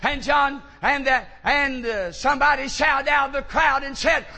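A man preaching a sermon, telling stories and rising to shouted fervor. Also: extremely high pitch, steady tone, moderate pace, gravelly. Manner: rises to shouted fervor in quoted lines. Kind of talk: sermon storytelling.

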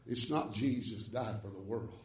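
A man preaching a revival sermon, swinging from hushed tones to chanted shouts with rhythmic "uh" breaths. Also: lowish voice, moderate pace, reverberant, distant mic, crowd noise.

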